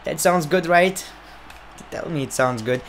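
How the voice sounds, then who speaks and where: A young man commenting on a wrestling video game, excitable and profane, sometimes doing mock announcer calls. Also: a little high, unhurried, slight background noise. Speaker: gaming commentator. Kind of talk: let's play commentary.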